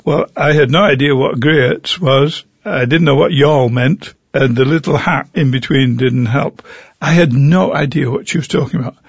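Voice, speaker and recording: An older man with an English accent tells stories from his years as a pastor. His voice is gravelly with a husky, breathy edge. The recording is dry and a little dull. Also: mid-range voice, moderate pace, no room sound. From England. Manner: animated anecdotal storyteller. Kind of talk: interview storytelling.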